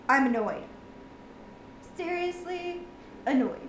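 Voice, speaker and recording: Brief: high-pitched woman, unhurried, sarcastic swearing gamer rant, roomy echo. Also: animated, background noise. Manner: exasperated, swears a lot, sarcastic. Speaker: gamer reacting to a game ending. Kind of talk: ranting reaction vlog. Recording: echoey room.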